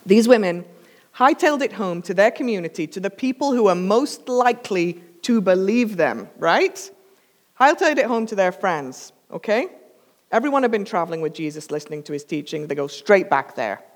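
A woman's voice: mid-range voice, animated, moderate pace, in a large hall. A woman preacher telling a sermon story in a casual, emphatic way with humorous asides, coughing now and then from a dry throat.

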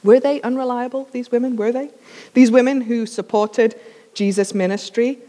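A woman's voice: a little high, steady tone, moderate pace, dark tone, in a large hall. A woman preacher telling a sermon story in a casual, emphatic way with humorous asides, coughing now and then from a dry throat.

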